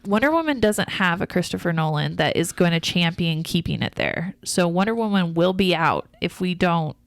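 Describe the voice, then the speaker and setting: A woman's voice: on the low side, expressive, normal speed, dry recording. A woman co-hosting a podcast, talking casually and explaining the business side at length, with fillers and restarts. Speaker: podcast co-host.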